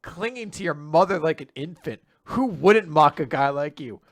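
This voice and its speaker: A man's voice: a little high, animated, moderate pace, a bit bright, no echo. A man voicing a cold, dismissive young man who sneers at his rival. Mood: scornful.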